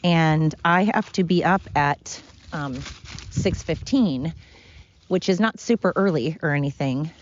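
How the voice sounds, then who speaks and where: A woman's voice: sits low, unhurried, muffled recording. A woman hosting her own podcast in a loose, self-deprecating ramble, out of breath as she walks uphill outdoors. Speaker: podcast host. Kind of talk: casual rambling monologue. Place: outdoors, walking up a hill.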